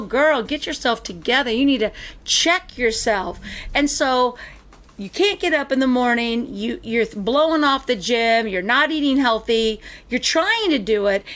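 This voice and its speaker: A woman hosting a podcast, telling stories in casual chat with animated emphasis. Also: sits high. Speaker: podcast host.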